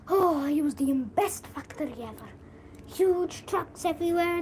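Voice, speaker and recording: High, slow-talking playful woman. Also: lively intonation, slight background noise. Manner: silly, switches between playful character voices. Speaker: channel host voicing toy characters. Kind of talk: playful make-believe rating chat.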